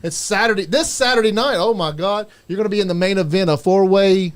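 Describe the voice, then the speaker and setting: A man hosting a casual interview, excited and stumbling over his words as he welcomes his guests. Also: high voice, brisk. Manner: excitable, stammering. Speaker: podcast host.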